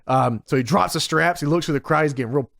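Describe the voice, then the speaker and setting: A man co-hosting a podcast in casual chat, retelling a show with excitement, laughing often and swearing freely. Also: on the high side, fast talker, gravelly, no echo, clean studio sound. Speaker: podcast co-host.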